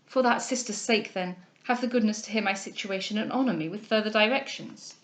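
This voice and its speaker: A woman reading a novel aloud, voicing an anxious, earnest young gentleman who pleads with the heroine. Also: mid-range voice, a little fast, close to an everyday voice. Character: ardent, humble young gentleman suitor, anxious. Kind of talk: audiobook character reading.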